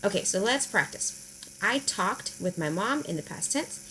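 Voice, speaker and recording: A woman teacher, explaining verb endings in a recorded lesson, slowing down to spell them out. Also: mid-range voice, animated, sharp tone, a little hiss or hum, rough recording. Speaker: high school Spanish teacher. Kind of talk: recorded video lesson at a whiteboard.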